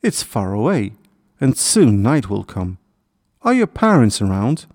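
A big gentle male deer from a storybook talks in a friendly, reassuring way, as a man puts him on. His voice is mellow and dry, close to the mic. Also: on the low side, sing-song, measured pace, dry recording, full character voice. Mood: kind. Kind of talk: storybook character voice.

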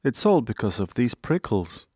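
A man's voice: medium pitch, very animated, moderate pace, darkish tone, husky, no echo, clean studio sound. A man voicing a young, timid boy hedgehog who whimpers and pleads in a tearful way. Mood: sad.

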